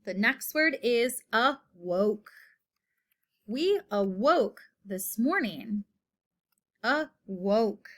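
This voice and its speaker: Female teacher, slightly high voice, slow deliberate delivery for a children's word lesson. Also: big pitch swings, fairly bright tone. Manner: slow, patient, repeats each word with example sentences.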